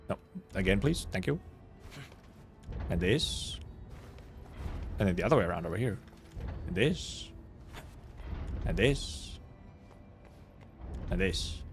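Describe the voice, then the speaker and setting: A young man streaming a video game, thinking out loud with playful, swearing, laughing casual commentary. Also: fairly low pitch.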